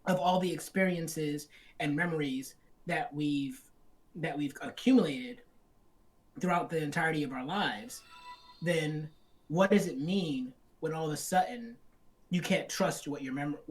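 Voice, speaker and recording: A man's voice: fairly high pitch, a little slow. A man co-hosting a live film discussion stream, laying out ideas at length while he is losing his voice. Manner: thoughtful, explains ideas at length. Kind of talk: casual live-stream chat.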